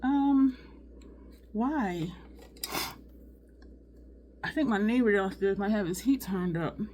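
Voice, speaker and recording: A woman's voice: medium pitch, expressive, slow, darkish tone, slight background noise. A woman chatting casually through a makeup tutorial at home, sweating and talking to her viewers as "y'all". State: sweating, overheated. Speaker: beauty vlogger.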